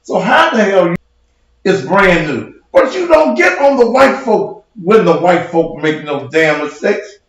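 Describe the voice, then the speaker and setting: A man's voice: high-pitched, big pitch swings, a little slow. A man who preaches and hosts his own show, in a heated livestream rant, profane, combative and mocking. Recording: very echoey room.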